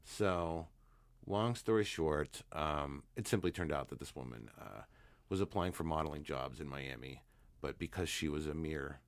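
A man, a hypnotherapist guest, telling a long anecdote in a relaxed, rambling way with many fillers. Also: very deep voice, normal speed, few pauses. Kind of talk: storytelling interview talk.

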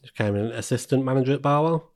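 A man's voice: medium pitch, rapid-fire. A man hosting a casual podcast, asking questions with loose, apologetic interjections. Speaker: podcast host.

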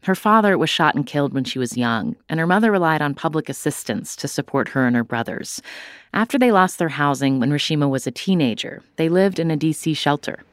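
A woman hosting a podcast, narrating between clips and asking measured, curious questions. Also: low-pitched, lively intonation, no room sound, studio quality. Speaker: podcast host, interviewer. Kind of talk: interview and scripted narration.

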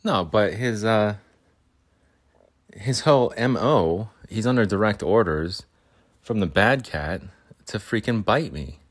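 A deep-voiced man hosts his podcast alone from a makeshift room at home. He talks casually, rambling from one tangent to the next and joking as he goes. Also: lively intonation, slow, long pauses. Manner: rambling, jokey asides, voices his cats' imagined plotting. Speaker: podcast host. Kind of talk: casual solo podcast monologue. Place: makeshift break room at home, fridge and cats nearby.

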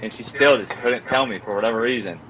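A young man with a middling pitch tells a story in relaxed, conversational fashion. He scatters "like" through every sentence and lifts his voice when he acts out quotes. A faint noise sits under the recording. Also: fast, dull audio. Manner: animated storyteller, many filler "like"s, acts out quotes in a higher voice. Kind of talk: casual storytelling chat.

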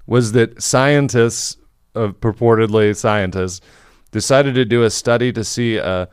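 A man's voice: medium pitch, unhurried, clear, resonant tone, no room sound, studio quality. A man co-hosting a comedy podcast, reading out a news story and riffing on it with laughs and casual swearing. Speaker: podcast co-host.

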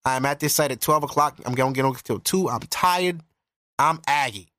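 A man's voice: mid-range voice, moderate pace, pushed and bright, dry recording, clean studio sound. A young man hosting a podcast, giving candid, profane relationship advice in a casual monologue. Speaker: podcast host.

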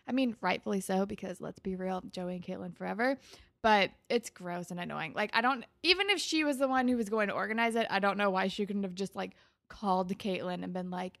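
A woman's voice: mid-range voice, brisk, creaky, fairly bright tone, no echo, clean studio sound. A young woman co-hosting a podcast, chatting casually and sarcastically about a TV episode. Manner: chatty, sarcastic, heavy use of "like". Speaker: podcast co-host. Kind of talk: casual chat recapping a TV episode.

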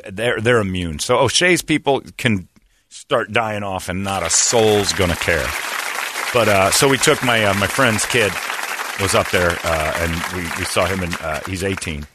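A man telling comic stories in a rambling, animated way and often laughing mid-sentence. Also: low voice, normal speed, over a noisy crowd. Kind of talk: comedic storytelling.

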